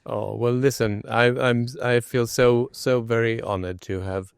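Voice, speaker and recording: A man's voice: mid-range voice, steady tone, unhurried, creaky, clean tone, dry recording, clean studio sound. A man interviewing a guest, asking long, effusive and admiring questions.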